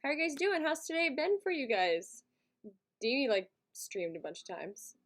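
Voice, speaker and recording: A woman's voice: high-pitched, sing-song, normal speed. A woman hosting a live stream, chatting casually and giggly with her viewers from a home setup. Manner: chatty and giggly, talks to chat.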